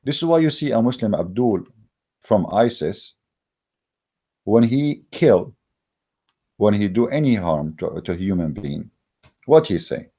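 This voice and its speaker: Low, mellow-voiced man ranting emphatically. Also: animated, a little slow, long pauses. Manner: emphatic and mocking, with frequent hesitations. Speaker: channel host. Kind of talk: religious debate monologue. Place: Germany.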